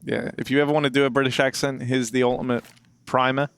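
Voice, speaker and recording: A man's voice: medium pitch, flat delivery, quick pace, fairly bright tone, a little hiss or hum. A man casting live esports matches, playful and joking with his co-casters.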